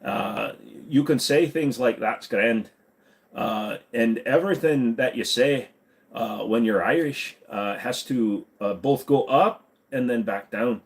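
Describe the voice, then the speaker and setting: A man's voice: medium pitch, measured pace. A man hosting a livestream, chatting casually and joking as he answers viewers. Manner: joking, jumps into silly voices. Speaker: livestream host.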